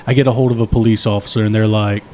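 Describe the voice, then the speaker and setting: Rapid-fire and fairly low-pitched, a young co-host rattles off a long, rambling, profanity-laced podcast story over slight background noise. His tone is lively, easygoing and self-mocking, punctuated by frequent laughs.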